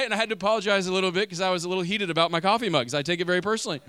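A young male pastor giving a casual, animated sermon full of "you know" and "like", growing loud in stories and going quiet and slow in prayer. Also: high-pitched, clear, resonant tone, no room sound. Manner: animated storytelling, rising loud when acting out arguments; drops soft and slow in prayer.

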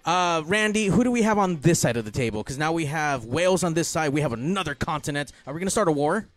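A man's voice: a little high, expressive, quick pace. A man hosting a rowdy radio show in a small studio, joking and laughing, often stumbling over and repeating his words. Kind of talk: casual rowdy studio banter.

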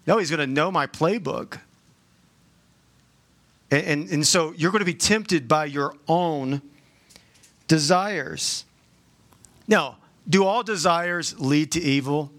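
Animated joking preacher, fairly high voice. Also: male voice, slow pace, long pauses. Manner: conversational, joking asides, many restarts. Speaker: pastor. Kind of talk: sermon.

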